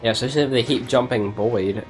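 A man's voice: medium pitch, fast talker, a little mellow, soft background music. A man hosting a let's play, chatting casually in a rambling way and laughing often. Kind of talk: casual gaming chat.

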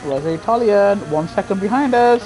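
A man streaming live racing gameplay from a home setup on a gaming headset, chatting to viewers and breaking into loud, frustrated outbursts. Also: sits high, expressive, a little fast, a little hiss or hum. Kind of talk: live sim-racing commentary.

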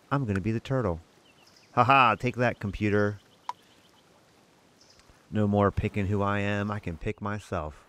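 A man hosting his own gaming channel, chatting casually and rambling while he plays a board game adaptation. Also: on the low side. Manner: chatty, rambling, self-amused. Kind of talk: casual let's-play commentary.

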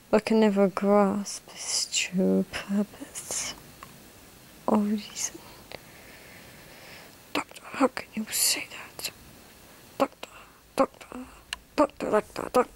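A woman voicing a smug male cannibal mastermind in an amateur role-play monologue, slipping into soft whispers. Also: fairly high pitch, a little hiss or hum. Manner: slow, drifting into soft whispers.

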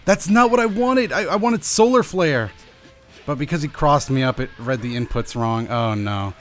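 A young man giving live commentary over his own fighting-game match, anxious and pleading with himself, his pitch jumping up and down. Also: animated, moderate pace, a bit bright. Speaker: gaming channel host. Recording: faint music behind.

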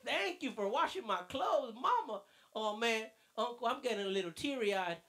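A man's voice: extremely high pitch, expressive, normal speed, fairly bright tone, voice pushed up, heavily acted. A man voicing an eager young nephew who earnestly agrees with his uncle in a church lesson skit.

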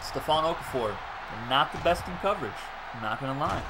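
A man streaming and commentating a football video game live, chatting with viewers and shouting on big plays. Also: medium pitch, fairly quick, very noisy. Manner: excitable, laughs often, breaks into shouting on big plays; chats with viewers. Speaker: gaming streamer.

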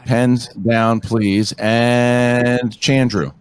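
A man acting as quizmaster, reading trivia questions and counting down in a measured way. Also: medium pitch, flat delivery, clean tone.

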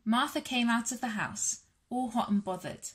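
A woman's voice: a little high, normal speed. Woman reading a children's Bible story. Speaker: storyteller for a church all-age session.

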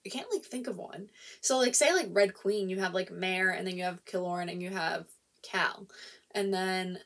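A woman's voice: lowish voice, normal speed. A woman giving a casual spoiler-filled book review, rambling and thinking aloud, filling nearly every phrase with "like" and often restarting her sentences.

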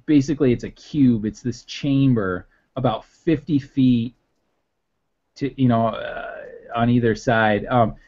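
Man, game master, slow narration, rambling, lo-fi audio. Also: medium pitch, darkish tone. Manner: rambling, many fillers. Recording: dull lo-fi audio.

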